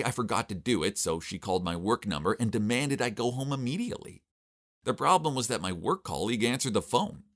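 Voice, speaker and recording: A young man giving wry, exasperated first-person narration of an animated story. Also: deep voice. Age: young adult.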